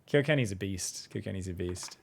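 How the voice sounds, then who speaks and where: A man's voice: low voice, expressive, brisk, vocal fry, breathy edge. A man, casually commentating a strategy game and chatting with viewers in a rambling, laid-back way. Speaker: StarCraft coach and streamer.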